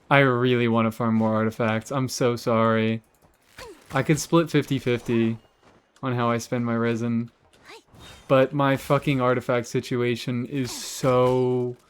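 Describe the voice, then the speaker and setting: A man's voice: medium pitch, clean tone. A young man chatting casually with his chat while streaming a game, sarcastic and swearing freely.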